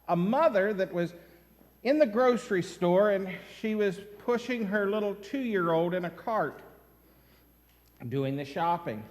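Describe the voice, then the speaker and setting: Expressive high-voiced male pastor. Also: a little slow, long pauses. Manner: storytelling, expressive. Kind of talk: sermon. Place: church sanctuary. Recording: long church-hall reverb.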